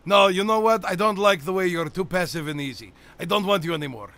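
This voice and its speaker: A man's voice: high voice, fast talker, a bit bright. A man playing a boastful, teasing 212-year-old theme-park host who runs a comedic game show. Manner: brash, teasing, theatrical.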